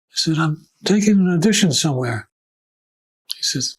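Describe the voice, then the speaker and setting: A man's voice: fairly high pitch, normal speed, slightly rough, low-quality recording. An older man recalling his career in an oral history interview, acting out the voices of people in his stories. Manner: animated anecdotes, acting out quoted voices.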